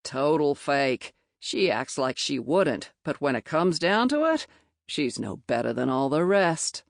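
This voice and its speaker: A woman reads the part of a scornful man in a cheap suit, sneering and dismissive as he gossips about a colleague. The voice sits low and is recorded close and dry. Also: sing-song, measured pace, gravelly, dry recording, exaggerated voice.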